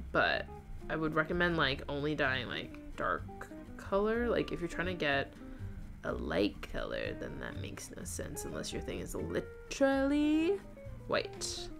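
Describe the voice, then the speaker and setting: A woman's voice: sits low, vocal fry. A woman hosting a casual knitting livestream, chatting and reading viewer comments aloud with frequent laughter. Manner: chatty, laughs often, reads chat aloud.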